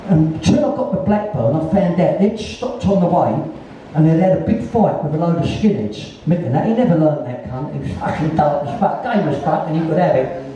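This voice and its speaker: Onstage before a crowd at a live music venue, a Cockney Londoner of about sixty rambles through a blunt story packed with swearing as a guest in a conversation. He talks briskly in a high-leaning, dark voice with lively intonation. The sound is distant, dull and echoey, with some background noise.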